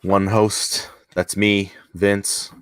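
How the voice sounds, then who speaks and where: A man's voice: on the low side, level tone, very slow, fairly bright tone, clear, resonant tone, no echo, studio quality. A man co-hosting a business podcast in casual chat, joking and loose, often restarting sentences. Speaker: podcast co-host.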